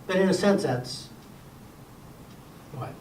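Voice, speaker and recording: An older man leads a church class in a folksy, wry way, with gentle humor between his points. His voice sits a little high. He is recorded from across an echoey room, with faint background hiss. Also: animated, slow, far from the mic. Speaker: Sabbath school presenter. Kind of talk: casual lecture to a class.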